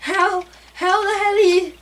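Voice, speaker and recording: A woman reacting out loud while playing a racing game, laughing and exclaiming often. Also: very high voice, steady tone, measured pace. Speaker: gameplay streamer. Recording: mic a bit far off, faint room noise.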